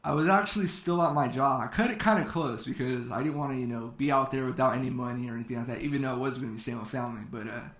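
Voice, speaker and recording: A man's voice: mid-range voice, very fast, few pauses, a bit bright. A man telling a personal story to an audience, acting out quoted talk in his own voice, with fillers. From California. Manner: quoting others in his own voice, with many fillers. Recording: echoey hall.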